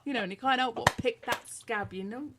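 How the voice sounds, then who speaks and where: A woman's voice: on the high side, noisy background. Teasing British woman co-hosting radio. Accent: British English. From Britain. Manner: teasing, quick wit, laughs often. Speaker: co-host of an online radio show. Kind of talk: casual banter, reading chat messages.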